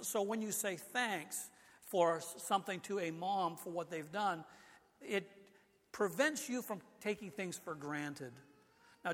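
A man's voice: high-pitched, fairly bright tone. An older man preaching a sermon in a church, talking in a conversational way, often restarting his sentences. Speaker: pastor. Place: church sanctuary. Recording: long hall reverb.

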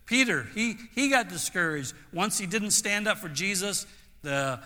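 A man's voice: high-pitched, lively intonation, measured pace, bright, forceful tone. A man preaching a sermon as pastor, earnest and stopping to restart his phrases. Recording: long hall reverb.

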